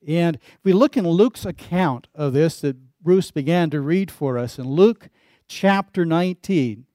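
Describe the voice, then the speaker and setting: A man preaching a sermon as pastor, telling stories in a folksy, lively way. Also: a little high, measured pace, no room sound, clean studio sound. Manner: folksy storytelling with lively emphasis.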